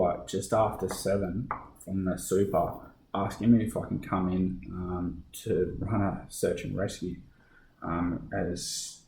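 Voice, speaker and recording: Low and mellow, this man's voice comes through poor audio with an echoey room and a bit of hiss or hum. He's a middle-aged Australian police officer with an Australian accent, telling his story in a casual podcast interview full of fillers and restarts.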